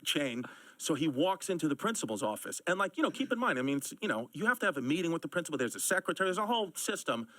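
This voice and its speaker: Man, casual raconteur, rapid and animated, acts out the quotes himself, dry close sound. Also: fairly high pitch, no room sound, poor audio. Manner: animated storytelling, acting out quoted lines. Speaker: guest storyteller. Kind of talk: casual anecdote on a talk show.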